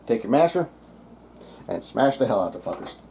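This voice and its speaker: Southern-accented man, home cooking vlog, crude jokey asides, mid-pitched voice, loud kitchen clatter behind. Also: big pitch swings, brisk, vocal fry, a little hiss or hum. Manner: crude, profane, joking asides. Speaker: cooking vlogger. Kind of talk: casual cooking demonstration. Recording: kitchen clatter of pots and cutlery. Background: clinking dishes and utensils.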